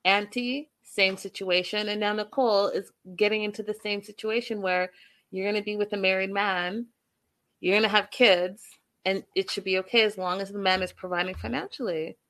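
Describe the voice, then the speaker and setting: A woman's voice: medium pitch, fairly even intonation, moderate pace, fairly bright tone. A woman giving casual, passionate commentary on a reality show, full of emphatic rhetorical questions.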